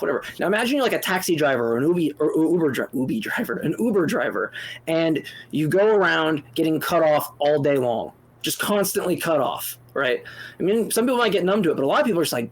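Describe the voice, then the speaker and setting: A man co-hosting a call-in debate show, animated and exasperated, speaking in fast bursts with restarts and swearing freely. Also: on the high side. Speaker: co-host answering a caller.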